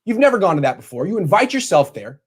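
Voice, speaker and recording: A man's voice: high voice, sing-song, fast, breathy edge. A man ranting sarcastically straight at the camera in a vlog from his bedroom, mocking and scolding as he talks. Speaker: sports commentator.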